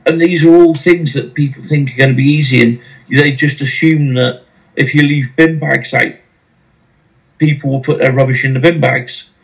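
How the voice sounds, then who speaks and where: A man's voice: medium pitch, fairly even intonation, normal speed, gravelly, highs cut off. A male podcast host talking casually and wryly about running a site.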